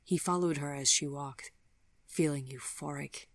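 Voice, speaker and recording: A woman reads a gentle fairy tale aloud with soft, measured narration. Her voice sits low in pitch, and the recording is close and dry. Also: steady tone, no echo. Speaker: audiobook narrator. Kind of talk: scripted narration.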